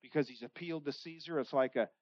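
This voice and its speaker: In this fast-talking expository sermon, a pastor reads scripture and restates it in casual, everyday words, bringing the quoted voices to life with big shifts in pitch and volume. The lo-fi recording sounds dull and dry.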